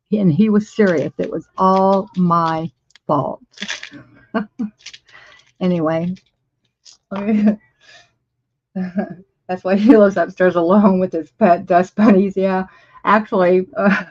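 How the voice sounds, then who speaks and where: A woman's voice: on the low side, dry recording, lo-fi sound. A woman over fifty telling a story on a casual livestream from her home art studio, emphatic, often repeating words for stress and laughing.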